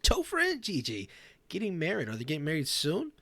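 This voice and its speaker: A man's voice: a little high, huge pitch swings, a little fast, pushed and bright, no echo. A man co-hosting a role-played talk show, joking around, repeating himself and giggling.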